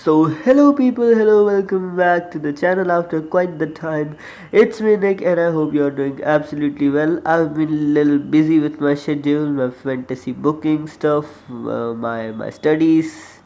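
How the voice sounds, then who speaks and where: A man's voice: a little high, steady tone, normal speed, a little mellow. A young man with an Indian accent and a slight cold, rambling chattily through a casual wrestling review vlog as its host. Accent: Indian English. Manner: chatty and rambling, often trailing off.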